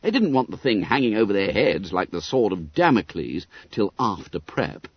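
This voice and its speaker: A man narrating an audiobook in an expressive, lively storytelling manner. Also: fairly low pitch, normal speed, slightly rough, no echo. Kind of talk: scripted narration. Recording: dull, dry audiobook recording.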